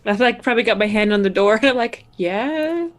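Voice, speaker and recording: A woman's voice: mid-range voice, steady tone, racing. A woman playing a tabletop game, casual, giggly and a little hesitant. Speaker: player.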